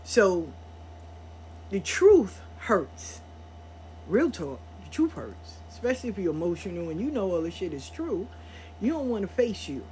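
On her own show, a woman with a lowish voice recounts a personal story in a candid, foul-mouthed way, talking fairly quickly with big pitch swings. She laughs frequently mid-sentence and becomes quiet and reflective on the topic of healing; a little hiss or hum is audible.

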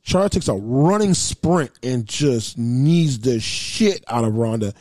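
A young adult man in casual podcast chat, retelling scenes in an excitable, slangy way. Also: medium pitch, takes it slowly, no echo. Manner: excitable, loose slangy storytelling.

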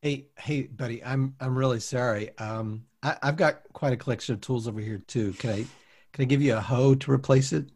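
A man doing improv comedy in a playful, giggly manner, reacting quickly. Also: mid-range voice, fairly even intonation, a little mellow, slightly rough.

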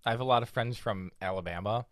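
A man's voice: fairly low pitch, fast talker, no echo, studio quality. A young man from the Chicago area co-hosting a podcast, chatting casually and acting out quoted voices as he tells stories. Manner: animated storyteller, acts out quotes. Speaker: podcast co-host. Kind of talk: casual chat.

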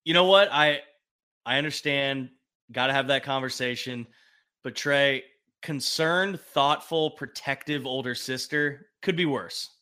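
A man co-hosts a casual sports talk show. He banters in an upbeat, encouraging way, with a bright and forceful tone at a middle pitch. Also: measured pace, clear, resonant tone. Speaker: podcast co-host.

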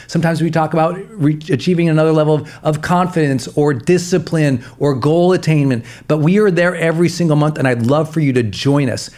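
A man hosting a podcast, thanking listeners and earnestly asking them to join his program. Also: a little high. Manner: earnest, warm thanks, direct appeal to listeners. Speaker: podcast host. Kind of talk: podcast outro and promo. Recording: soft music behind.

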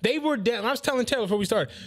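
An American man co-hosting a podcast, an animated storyteller who acts out the quotes in casual banter. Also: very high-pitched, rapid-fire. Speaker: podcast co-host. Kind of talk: casual chat.

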